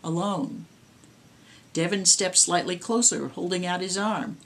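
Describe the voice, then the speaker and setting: A woman, the author, reading her own horror story aloud in a measured storytelling way. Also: on the low side.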